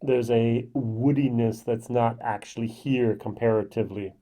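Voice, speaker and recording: A man's voice: mid-range voice, fairly even intonation, normal speed, warm tone. A middle-aged man giving a casual whisky tasting review to camera, chatty and thinking aloud with lots of ums and self-corrections.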